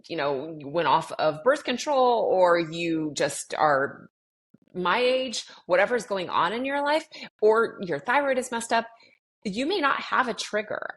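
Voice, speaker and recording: A middle-aged woman talking casually in an interview, animatedly acting out conversations with clients and often restarting her sentences. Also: mid-range voice. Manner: animated, acts out quoted dialogue with clients. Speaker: guest sharing her experience with anxiety.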